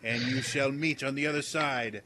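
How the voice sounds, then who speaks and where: A man's voice: mid-range voice, fairly even intonation, moderate pace, pushed and bright, slight background noise, voice pushed up, natural voice. A man voicing a pompous, self-important male guard captain who declaims grandly.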